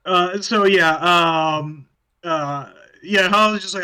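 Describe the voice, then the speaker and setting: A man's voice: high voice, a little slow, pushed and bright. A man playing a tabletop game, rambling with hesitant restarts and many fillers. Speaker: player.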